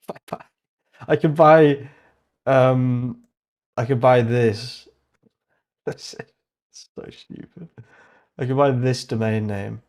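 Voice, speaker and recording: A young man hosting a casual livestream, thinking aloud as he browses, excitable, laughing often and muttering asides to himself. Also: medium pitch, slow, pauses often. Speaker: host.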